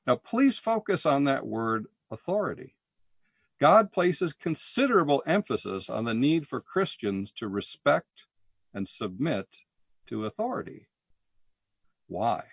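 A man preaching a sermon, deliberate and emphatic, posing rhetorical questions. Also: mid-range voice, breathy edge, no room sound. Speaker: pastor.

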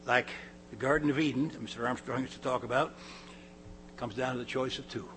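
A man's voice: mid-range voice, fairly even intonation, a little fast, a bit bright, slight background noise, rough recording. Man preaching a Bible sermon. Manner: reads scripture aloud with rising emphasis, then explains plainly; conversational asides with small laughs and restarts. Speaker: pastor.

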